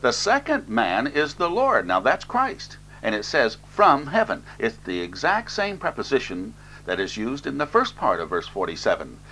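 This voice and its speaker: A man's voice: fairly low pitch, sharp tone, husky, rough recording. A man preaching an expository sermon, reading scripture aloud and then explaining it plainly, with fillers.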